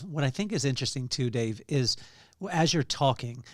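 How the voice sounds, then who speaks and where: A man's voice: mid-range voice, animated. A male podcast host asks his guest a long question, circling back and restarting as he goes. His voice is in a middle register, recorded dry with no room echo. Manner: halting, restarts often. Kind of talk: interview questions.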